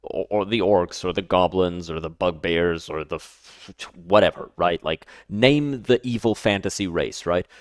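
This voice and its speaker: A man with a lowish voice talks through a reaction in a casual, emphatic way. He piles up repeated words and restarts his sentences as he argues. The sound is close and dry, with no room around it. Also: unhurried, few pauses, no echo. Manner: emphatic, repeats himself, stammers restarts when worked up. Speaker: streamer reacting to a video.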